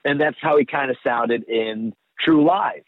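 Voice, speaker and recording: A man chatting casually as an impressionist guest on a podcast, animated and gushing. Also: mid-range voice, measured pace, no room sound, narrow, tinny audio.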